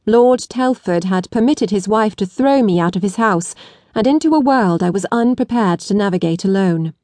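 Casting: a woman narrator with a deliberate, even delivery, recorded dry and close. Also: mid-range voice, dry recording. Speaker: audiobook narrator. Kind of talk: scripted narration.

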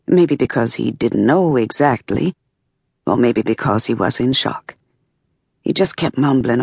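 A woman reading a memoir aloud as an audiobook, in a measured, expressive first-person narration. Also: very deep voice, gravelly, husky, no room sound, studio quality. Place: dry recording booth. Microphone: close studio mic.

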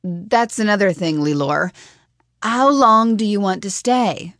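A woman's voice: mid-range voice, a little slow, fairly bright tone, dry recording, studio quality. A woman voicing a playful young female dragonette with a light, breezy, teasing manner in an audiobook. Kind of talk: audiobook character voice.

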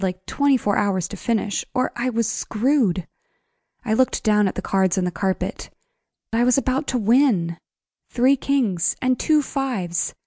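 A woman's voice: mid-range voice, mellow, dry recording. A woman narrating a first-person audiobook in a wry, conversational manner, close to the mic. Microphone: close studio mic.

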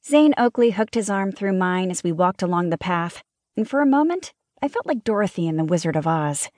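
A woman narrating a first-person mystery audiobook in a lively, wry storytelling manner. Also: lowish voice, fairly quick, dry recording, studio quality.

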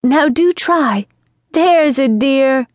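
Storybook: woman playing a lilting little girl, high and dreamy, dry booth. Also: expressive, extremely slow, a little mellow, no room sound, heavily acted. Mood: coaxing. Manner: earnest, scolding and dreamy by turns, lilting. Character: chatty imaginative young girl. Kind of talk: audiobook character reading. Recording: dry studio sound.

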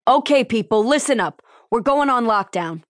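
A woman voicing a gruff, barking male prison lieutenant. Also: on the high side, lively intonation, normal speed, dry recording, studio quality, voice pushed up, natural voice. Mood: barking orders. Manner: barking orders.

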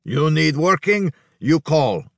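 A hulking, drunk Hungarian gangster, as a male audiobook narrator puts him on, bellowing crude broken phrases in a raised, slow, dragging voice. He leans hard on every word, loud and boorish. The sound is dry and close. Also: on the high side, creaky, no echo, voice pushed up, full character voice. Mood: blunt. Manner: broken speech, blunt and crude.

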